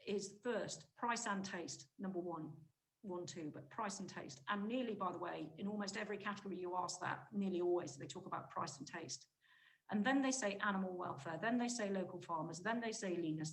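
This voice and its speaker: Woman giving a brisk conference talk. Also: mid-range voice, fairly bright tone, poor audio. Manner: brisk, emphatic, restarts mid-phrase. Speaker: conference speaker, market insight director. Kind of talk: conference presentation.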